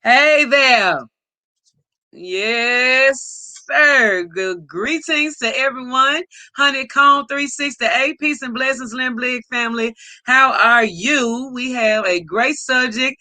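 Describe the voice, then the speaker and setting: Brief: woman host, bright, unhurried delivery, dry close mic, warm shout-outs to chat. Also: high voice, no echo. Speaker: livestream host. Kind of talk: casual livestream greeting viewers.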